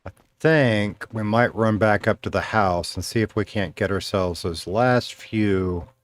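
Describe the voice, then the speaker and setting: An unhurried man with a lowish voice chats with viewers as he streams a game. His talk is casual and rambling, mostly thinking aloud, picked up by a streaming mic with a noise gate.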